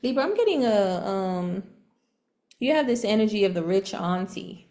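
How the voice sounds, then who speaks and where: Woman, tarot reading, casual, slangy, animated, laughs a lot. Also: medium pitch, moderate pace. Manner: chatty and animated, laughs often; slangy, relaxed talk. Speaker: tarot reader.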